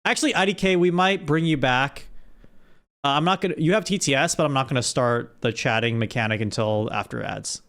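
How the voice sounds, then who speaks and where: A man's voice: medium pitch, a little fast, fairly bright tone. A man streaming live, chatting casually with his audience and often restarting his sentences. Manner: rambling, with frequent restarts.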